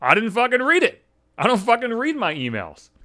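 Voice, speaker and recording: Man ranting, constant swearing, animated swooping voice, bright tense tone, dry close sound. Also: very high-pitched, a little fast, no echo. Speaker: monologue speaker. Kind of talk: profane comedic rant.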